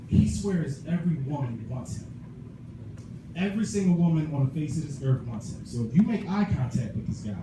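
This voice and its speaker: Man, stand-up comedian, animated storytelling, echoey club, distant mic. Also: fairly high pitch. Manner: animated storytelling, acts out friends' voices. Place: small comedy club stage. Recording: echoey room, far mic, noisy.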